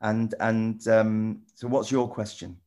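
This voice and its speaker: A man presenter chatting with children in a casual video call, rambling and restarting often, gentle and encouraging. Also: fairly low pitch, level tone, slow. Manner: rambling, stop-start, many repeated "you know". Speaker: TV presenter answering children's questions.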